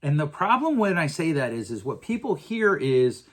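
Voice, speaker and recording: A man's voice: on the high side, big pitch swings, moderate pace, hardly any pauses. A middle-aged man hosting a podcast, talking earnestly in a casual monologue with frequent restarts. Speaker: podcast host.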